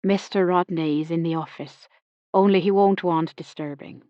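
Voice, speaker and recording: A woman voicing a tired, wheezy old Irish man who sweeps a car showroom, speaking softly and politely. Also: a little high, fairly even intonation, moderate pace, dry recording, muffled recording, lightly acted. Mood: polite, deferential. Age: older. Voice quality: wheezy breathing. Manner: soft, polite, deferential.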